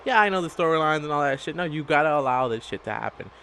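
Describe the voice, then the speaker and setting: A man's voice: fairly high pitch, lively intonation, quick pace, pushed and bright, slight background noise. Man ranting bluntly to camera. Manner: blunt and profane, talking in bursts. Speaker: gaming and wrestling vlogger. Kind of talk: casual rant.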